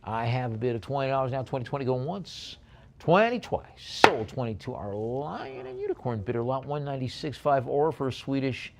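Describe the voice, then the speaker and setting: Gravelly-voiced male auctioneer calling bids. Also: medium pitch, wildly swooping pitch, background noise. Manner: brisk bid calling with chatty asides about lots. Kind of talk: live auction bid calling.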